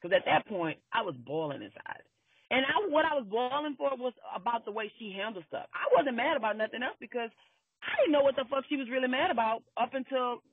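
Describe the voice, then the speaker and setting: High-voiced husky man, phone-like sound. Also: dry recording. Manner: emphatic, repeats phrases, swears freely. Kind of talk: casual storytelling chat. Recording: tinny phone-like line.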